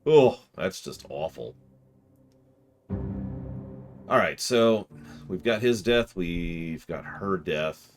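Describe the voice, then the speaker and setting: A man's voice: deep voice, lively intonation, takes it slowly, a little mellow, soft background music. A man streaming a game and chatting with his viewers, rambling as he works through puzzles aloud. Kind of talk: casual livestream commentary.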